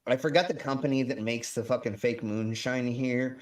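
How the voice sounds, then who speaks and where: A man's voice: medium pitch, fairly even intonation, normal speed, darkish tone, recorded from a distance. A man hosting a live stream in a loose, joking way, swearing freely. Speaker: stream host. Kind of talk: casual profane chat.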